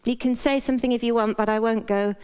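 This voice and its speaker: Middle-aged British woman, doctor on stage; frank and playful, smooth voice pitched a touch high. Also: fairly even intonation, quick pace, darkish tone. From Britain. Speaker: doctor and speaker. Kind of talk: motivational stage talk.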